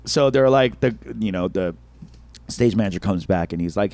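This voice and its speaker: A man co-hosting a comedy podcast, telling a story in an animated way with frequent laughs and casual swearing. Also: lowish voice, fairly quick. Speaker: podcast co-host, stand-up comedian.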